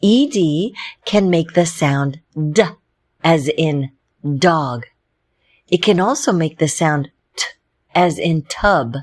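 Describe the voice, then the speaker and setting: Woman teacher doing a phonics lesson, kinda low voice, sounds out letters nice n slow. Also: darkish tone.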